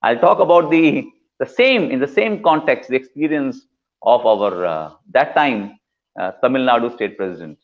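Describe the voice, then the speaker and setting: A man's voice: medium pitch, animated, moderate pace, phone-quality sound. A man, a guest speaker giving a devotional storytelling talk in an earnest way, repeating words for emphasis. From India.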